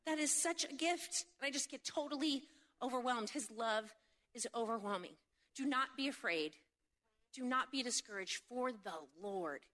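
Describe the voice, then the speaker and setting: Bright, high-voiced woman preaching with humor. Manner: animated, jokey storytelling with quick asides; seeks agreement with frequent rhetorical questions. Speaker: speaker at a faith event. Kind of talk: humorous sermon.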